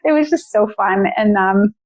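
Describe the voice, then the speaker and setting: Chatty woman guest on a podcast, tells her story all animated, laughs a lot, voice swings up and down. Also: mid-range voice, moderate pace, no echo, highs cut off. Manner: animated, laughs often, acts out quotes. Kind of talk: casual storytelling chat.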